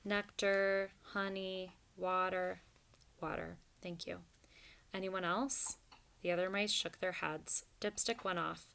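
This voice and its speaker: A woman narrating a storybook in a steady, even reading voice. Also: lowish voice, creaky. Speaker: audiobook narrator.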